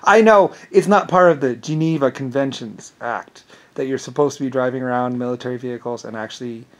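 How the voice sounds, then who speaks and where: A man vlogs in a brisk, mid-range voice, furious and rambling. His outburst is profane and indignant, with words repeated each time he stumbles.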